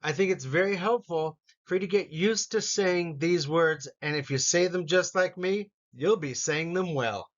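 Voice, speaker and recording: A man teaching an English vocabulary lesson, saying each word slowly and repeating it for learners. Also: on the high side, lo-fi sound. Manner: slow, careful pronunciation drills with repetition.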